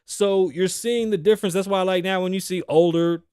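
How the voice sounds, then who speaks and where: A man's voice: sits high, steady tone, brisk, mellow, clear, resonant tone, no echo, studio quality. A man in his thirties hosting a casual solo podcast, ranting and joking with a lot of profanity and frequent laughter. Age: 30s. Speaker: podcast host. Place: studio.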